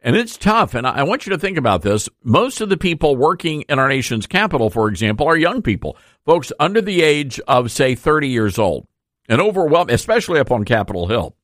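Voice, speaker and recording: A man's voice: a little high, big pitch swings, a little fast, a bit bright, no room sound, clean studio sound. A man hosting a political commentary show, speaking in a folksy, opinionated, conversational way. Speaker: host.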